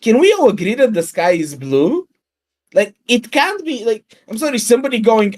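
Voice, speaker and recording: A man's voice: high-pitched, big pitch swings, normal speed. A man, a guest on a livestream, ranting in a profane and sarcastic way in casual chat over a video call mic.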